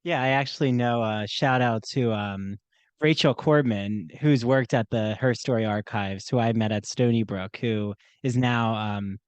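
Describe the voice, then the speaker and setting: A man hosting a podcast, asking long questions with halting pauses. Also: mid-range voice, clear, resonant tone, dry recording. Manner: halting, searching for words. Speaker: podcast host. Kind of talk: interview questions.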